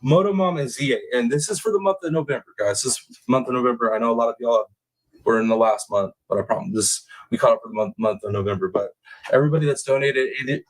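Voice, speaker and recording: Swearing and saying "y'all," a medium-pitched man rants bluntly while hosting a true crime live stream, then moves on to reading out names from the chat. The audio quality is poor, and the whole thing is casual.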